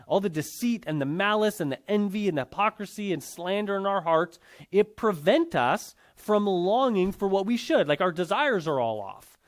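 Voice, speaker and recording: A man teaching a Bible class in a conversational lecture style, often checking in with his students. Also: high-pitched.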